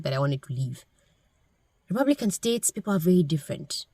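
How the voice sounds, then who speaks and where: A woman's voice: fairly low pitch, a little mellow, slightly rough, no room sound. Blunt woman lecturing on camera. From Kenya. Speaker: political commentator. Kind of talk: direct-to-camera commentary.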